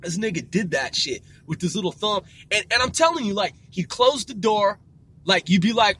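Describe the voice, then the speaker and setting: Husky-voiced man telling rambling stories. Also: sits high, normal speed. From Seattle. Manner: profane, rambling, animated. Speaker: podcast host. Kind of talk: casual storytelling.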